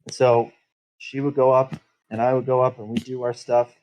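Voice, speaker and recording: A man's voice: mid-range voice, level tone, moderate pace, a little mellow, poor audio. A man playing a tabletop game, telling his character's backstory in first person, bitter and full of swearing. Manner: profane, bitter, rambling storytelling.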